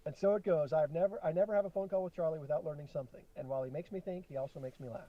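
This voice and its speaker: A middle-aged man co-hosting a podcast with his son, reading a letter aloud slowly and chatting between passages. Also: fairly high pitch. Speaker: podcast co-host, father. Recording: dull lo-fi sound.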